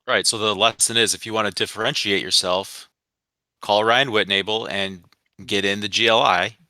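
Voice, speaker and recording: A man's voice: on the low side, fairly even intonation, normal speed, bright, forceful tone, dry recording. A man from the Midwest with a Michigan accent, co-hosting a sports podcast in a rambling, chatty way with many asides. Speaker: podcast co-host. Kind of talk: casual sports podcast chat.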